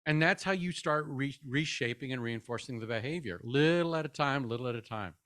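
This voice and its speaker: A man's voice: mid-range voice, a little fast, a bit bright, no room sound, clean studio sound. A middle-aged man giving a conversational parenting webinar, casual and upbeat, often tossing in "man".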